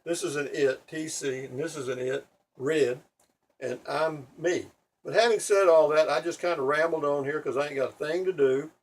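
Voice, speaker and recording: A man's voice: on the high side, moderate pace, far from the mic, rough recording. A man rambling to his viewers from home, blunt, profane and self-mocking. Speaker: vlogger. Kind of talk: rambling casual monologue to viewers. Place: home in Texas.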